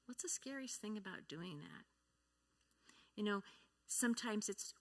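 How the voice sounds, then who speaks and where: A woman's voice: mid-range voice, expressive, a little slow, pauses often. A woman speaking at a church, teaching about feelings and grief, often asking the audience questions and acting out example replies. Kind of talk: teaching talk to a congregation.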